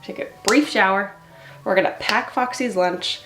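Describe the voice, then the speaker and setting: A woman's voice: mid-range voice, moderate pace, reverberant, music in the background. A woman in her thirties chatting casually in a get-ready-with-me vlog, rambling and poking fun at herself while she gets ready at home. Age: 30s. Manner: chatty, self-mocking, rambling. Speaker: vlogger and kitten foster.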